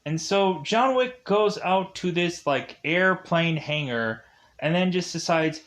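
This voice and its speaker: This casual movie review comes from a man with a high, fairly bright voice who speaks slowly but animatedly. His talk wanders off on tangents, packed with "like" and "uh."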